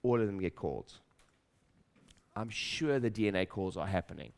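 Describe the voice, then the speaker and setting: A man's voice: deep voice, lively intonation, normal speed, gravelly, darkish tone. A middle-aged man speaking on stage at a seminar, emphatic and repetitive, acting out his own doubting inner voice and putting questions to the audience. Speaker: speaker at a practice-building seminar. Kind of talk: motivational stage talk.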